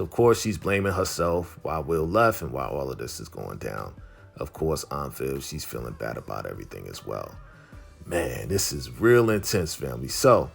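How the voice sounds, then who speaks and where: A man's voice: rumbling low, gravelly, husky. A man casually recapping a TV episode, in a slangy, laid-back way that leans on filler phrases. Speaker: TV recap vlogger.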